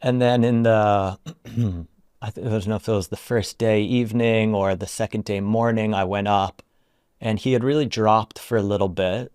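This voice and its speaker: A man with a fairly low voice tells a story in a relaxed interview. He talks softly and haltingly, with many "like"s. The recording is close and dry. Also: clean tone, dry recording. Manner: soft-spoken, halting, full of "like". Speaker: retreat founder and guest.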